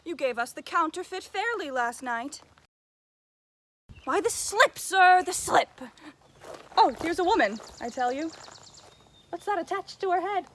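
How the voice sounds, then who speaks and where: Teen girl as a mocking young gentleman, very high voice, slow teasing delivery. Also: expressive, heavily acted. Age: teens.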